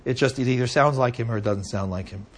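Speaking quickly at a medium pitch, this man leads a Torah class for a live audience. His delivery is chatty, and he keeps dropping in check-ins like "right?".

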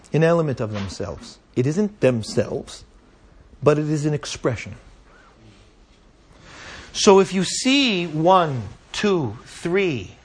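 A man with a fairly high voice teaches a Torah class before a live audience, speaking in a conversational way and frequently checking in with little asides such as "right?".

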